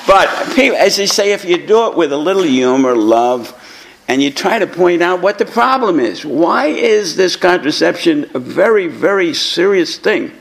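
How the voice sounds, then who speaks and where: Blunt gravelly old preacher, 80s. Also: male voice, high-pitched, very animated, moderate pace. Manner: rambling, blunt, repeats words as he restarts. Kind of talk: anecdotal talk to a live audience.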